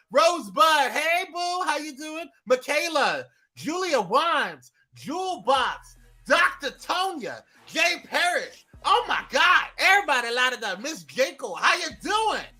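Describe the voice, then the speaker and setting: A man hosting a live morning show, greeting viewers by name in a lively, playful way. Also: very high-pitched, normal speed, hardly any pauses, soft background music.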